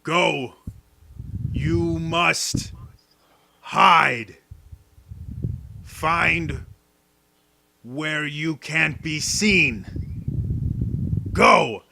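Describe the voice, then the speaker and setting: A man voicing a resurrected undead male creature who gives halting, urgent commands in a tabletop game. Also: medium pitch, fairly even intonation, gravelly, pushed and bright, no echo, heavily acted.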